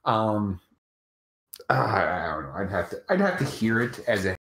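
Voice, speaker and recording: An American man co-hosting a casual chat, rambling and halting with many restarts. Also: lowish voice, sing-song, fairly bright tone. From United States. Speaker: co-host.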